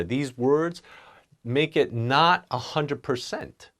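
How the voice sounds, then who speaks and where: A man teaching business English writing, acting out example phrases in a relaxed, conversational way. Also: mid-range voice, takes it slowly. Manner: animated, acts out example phrases. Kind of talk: online English lesson.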